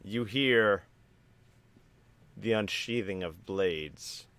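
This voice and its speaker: A man narrating a tabletop game as game master, in a dramatic, deliberate way. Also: lowish voice, a bit bright, slight background noise.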